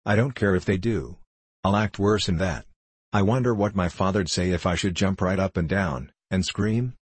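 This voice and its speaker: A man with a husky voice reading the lines of an angry, defiant little girl in a storybook. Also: low voice, moderate pace, no room sound. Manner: indignant, pleading.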